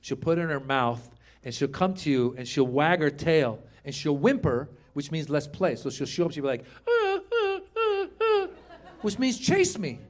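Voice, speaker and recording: A middle-aged man from Iran performing a stand-up comedy set on a club stage, animated and shouting punchlines. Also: on the high side, moderate pace. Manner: animated, acts out quoted voices, shouts punchlines. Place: comedy club stage before a live audience.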